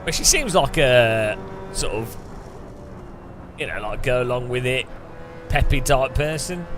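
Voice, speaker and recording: A man with an English accent chatting casually to his stream while racing, rambling, with quick outbursts at other drivers. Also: mid-range voice, animated. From England. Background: music.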